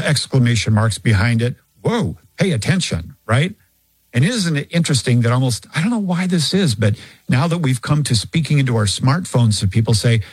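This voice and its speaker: A man teaching scripture in a lively explanatory manner, acting out little examples as he goes. His voice sits at a middle pitch. The recording is dry and close. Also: slightly rough, no room sound, poor audio. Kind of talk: recorded Bible teaching answer.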